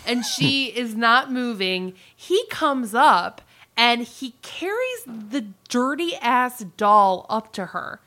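A woman co-hosting a podcast, recapping a movie in casual, animated chat full of "like". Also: a little high, takes it slowly. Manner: animated storytelling, frequent "like", laughs easily. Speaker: podcast co-host.

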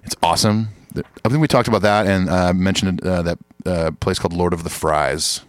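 Chill low-voiced podcast dude reading listener emails, laughing along, dry mic. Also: male voice, moderate pace, no room sound. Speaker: podcast co-host. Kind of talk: casual chat.

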